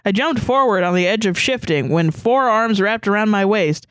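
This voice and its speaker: A woman's voice: mid-range voice, lively intonation, normal speed, dry recording. A woman co-host reads a fanfiction story aloud in a casual, playful way, breaking off for little asides. Her voice sits in a middle register, and the recording is close and dry with no room sound. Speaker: podcast co-host.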